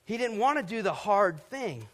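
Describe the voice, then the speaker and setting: A middle-aged man from Georgia preaching a sermon from a stage, telling animated personal stories and acting out scenes with sound effects. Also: high voice, normal speed. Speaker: pastor. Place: stage before a live congregation.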